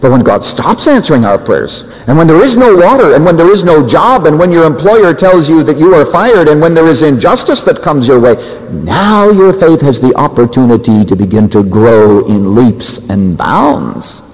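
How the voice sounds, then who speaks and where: A man preaching a sermon, acting out quoted voices and swinging his pitch up and down for emphasis. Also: expressive, normal speed. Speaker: pastor. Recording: reverberant hall.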